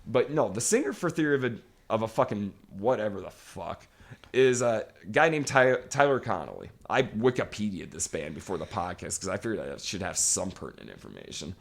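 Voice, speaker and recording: A man's voice: on the low side, very animated, fairly quick, creaky. A man co-hosting a podcast, ranting emphatically and swearing constantly in casual chat. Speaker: podcast co-host. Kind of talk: profane casual podcast rant.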